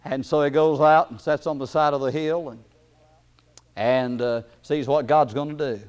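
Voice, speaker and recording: A man delivers a sermon in a homespun style, laughing frequently and stalling with filler words before building to loud, forceful outbursts. His voice sits fairly high, with an even tone and an ordinary pace.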